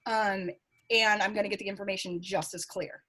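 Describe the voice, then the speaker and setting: A woman's voice: mid-range voice, a little fast. Chatty middle-aged woman telling stories. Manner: chatty, animated storytelling with laughs. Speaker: psychic medium guest. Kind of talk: casual interview chat.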